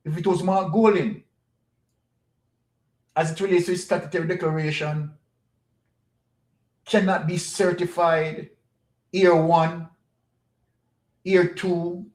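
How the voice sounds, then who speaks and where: Jamaican man, political commentator, high voice, echoey room, emphatic and repetitive. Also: little pitch movement, takes it slowly, pauses often, a little mellow. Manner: emphatic, rhetorical questions and repetition. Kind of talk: opinionated political monologue.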